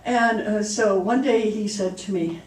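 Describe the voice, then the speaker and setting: A woman's voice: medium pitch, measured pace, a little mellow. Chatty woman minister preaching in an echoey hall. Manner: chatty storytelling, laughs at own jokes. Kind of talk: sermon. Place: church hall. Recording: echoey hall, mic far off.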